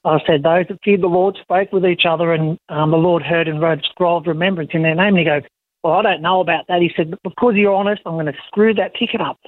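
Man, phone-in caller, tinny phone line, dry sound, lively storytelling. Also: a little high, quick pace, dry recording. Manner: animated storyteller acting out quoted voices.

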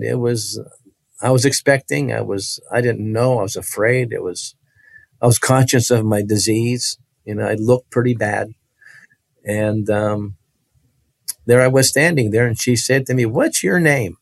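A man's voice: mid-range voice, normal speed, gravelly, dry recording. Male guest storyteller, emphatic, repeats himself, dry close sound. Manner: animated, emphatic, repeats phrases. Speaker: interview guest. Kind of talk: personal storytelling.

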